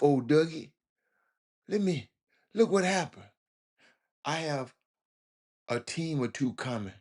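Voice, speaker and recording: A man's voice: mid-range voice, husky. A man hosting a casual talk show monologue, preachy and repetitive, often stammering and restarting his sentences. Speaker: show host. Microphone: phone call.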